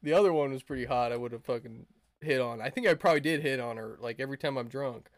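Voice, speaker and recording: A man's voice: mid-range voice, fast talker, no echo, studio quality. A young man chatting on a podcast, telling a crude, rambling story with lots of fillers and laughs. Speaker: podcast co-host. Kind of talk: casual podcast chat.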